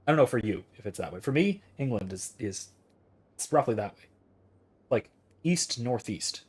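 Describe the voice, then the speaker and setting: Husky-voiced man, 30s, casual philosophy streamer who thinks out loud. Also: mid-range voice, expressive, normal speed. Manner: rambling, thinks aloud with restarts. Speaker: philosophy streamer reading chat.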